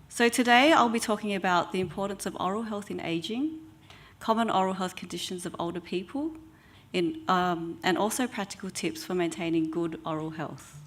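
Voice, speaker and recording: A woman's voice: on the low side, slight background noise. Woman giving a health talk. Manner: measured, with frequent ums. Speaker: oral health therapist.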